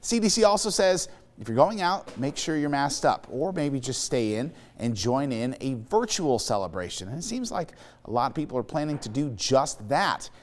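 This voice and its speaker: Lively upbeat male news anchor. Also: mid-range voice, normal speed. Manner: upbeat, chatty delivery. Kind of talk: morning news banter.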